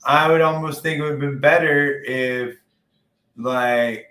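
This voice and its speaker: A man's voice: medium pitch, fairly even intonation, a little slow, sharp tone. Profane, rambling man in an echoey room. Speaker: podcast co-host. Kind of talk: casual wrestling chat. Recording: roomy echo.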